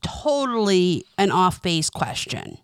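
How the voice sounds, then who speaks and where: A teasing woman co-hosting a casual podcast who laughs a lot. Her voice has a lively, animated pitch. The recording is dry and close. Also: takes it slowly, clean tone, no room sound. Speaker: podcast co-host. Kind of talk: casual chat.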